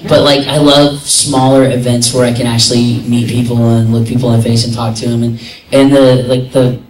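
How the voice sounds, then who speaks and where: Animated man telling stories in an echoey hall. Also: medium pitch, brisk. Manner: animated, laughs often, mimics voices. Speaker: convention guest voice actor. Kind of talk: casual storytelling at a convention panel. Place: convention panel room. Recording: echoey room, somewhat distant, faint noise.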